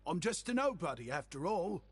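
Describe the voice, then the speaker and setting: An actor with an English accent playing an eager, humble young shopkeeper with flowery, overly polite speech. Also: male voice, on the high side, big pitch swings, brisk, husky, exaggerated voice. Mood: flattering. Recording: game audio with faint music behind.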